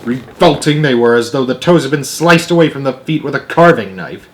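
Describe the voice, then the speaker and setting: A young man reads a children's book aloud in a middle-pitched voice. He is expressive and lively about it and stumbles now and then, catching himself with quick restarts. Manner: expressive, with small slips and restarts. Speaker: storyteller.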